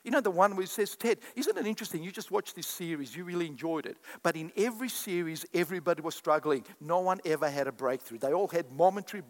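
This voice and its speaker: A man's voice: on the high side, animated, fast talker, hardly any pauses. A man preaching a sermon to a congregation, acting out quoted voices and calling back to the crowd. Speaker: pastor. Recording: echoey hall with long reverb.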